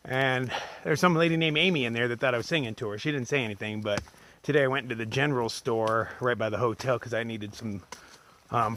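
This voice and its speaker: A man's voice: mid-range voice, fairly bright tone, slight background noise. Laid-back swearing man hiking outdoors. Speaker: solo long-distance hiker. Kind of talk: casual vlog chat. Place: outdoors on a forest trail.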